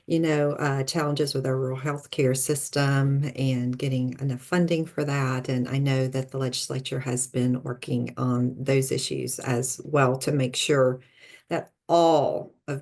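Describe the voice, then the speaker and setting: A woman moderating an interview, asking measured questions with frequent pauses. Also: very deep voice, creaky, a little mellow.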